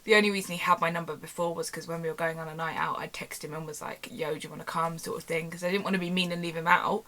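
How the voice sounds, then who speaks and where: Chatty young woman, bright voice. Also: deep voice, fast talker. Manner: chatty, animated retelling with quoted dialogue. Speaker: YouTuber. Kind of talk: casual storytime vlog. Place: home bedroom. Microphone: camera on tripod.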